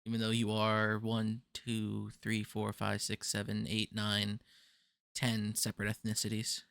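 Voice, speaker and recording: A man's voice: on the low side, a little slow, creaky, clean tone, dry recording. A man running a casual tabletop session zero as game master, joking with his players and reading out setting lore. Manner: relaxed, joking, reads lore aloud.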